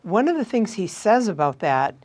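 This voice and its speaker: A woman interviewing a comedian, attentive, with frequent soft affirmations and thoughtful questions. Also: mid-range voice, very animated, normal speed. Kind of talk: casual interview.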